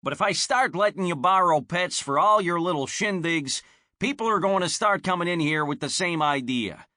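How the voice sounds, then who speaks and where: A man's voice: high voice, lively intonation, normal speed, no echo, clean studio sound, voice pushed up. A man voicing an exasperated, harried male pet shop owner in a storybook reading. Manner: exasperated, shouting.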